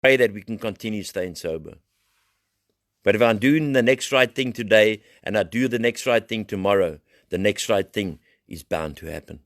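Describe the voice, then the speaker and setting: A middle-aged man with a South African accent giving an impassioned recovery share. He preaches and climbs into loud, high-pitched pleading. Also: normal speed, no room sound, studio quality. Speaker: recovery program founder.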